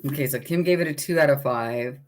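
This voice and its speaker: A woman's voice: a bass voice, fairly quick. A middle-aged woman hosting a casual book club livestream, talking in a chatty, rambling way and greeting viewers by name.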